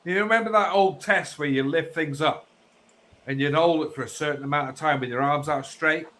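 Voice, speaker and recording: A man's voice: a little high, brisk, a bit bright. A man, complaining and telling stories in a sweary casual chat. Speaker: regular on a live chat show.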